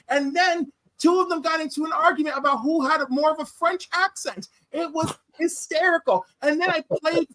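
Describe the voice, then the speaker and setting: Bright high-voiced American woman chatting. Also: dry recording. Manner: animated and laughing, tells stories with quoted voices. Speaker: co-host of a live comics show. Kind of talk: casual chat on a livestream.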